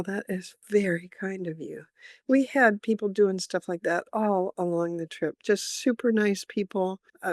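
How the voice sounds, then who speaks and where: Older woman storyteller guest, casual and chatty, lively retelling of quotes, average pitch, dead-dry room. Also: no echo. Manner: lively storyteller who acts out quoted voices and laughs often. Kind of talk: casual interview chat, telling travel anecdotes.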